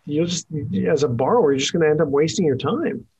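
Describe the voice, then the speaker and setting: A man's voice: a little high, lively intonation, quick pace, darkish tone, husky, poor audio. A man hosting a radio interview show, chatty and rambling with lots of fillers.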